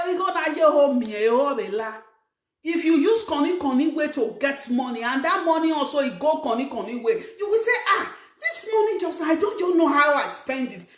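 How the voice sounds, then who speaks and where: A middle-aged Nigerian woman hosting her own show, lecturing viewers in an emphatic, scolding way that rises to shouts. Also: high voice, echoey room. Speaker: talk show host. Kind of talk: preaching monologue to viewers. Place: living abroad, in a room.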